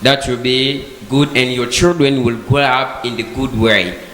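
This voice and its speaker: A man's voice: mid-range voice, unhurried, fairly bright tone. Man, hesitant debater groping for words; reverberant hall, light hiss. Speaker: debate participant. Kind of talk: discussion in a conversation group. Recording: echoey hall with faint background noise.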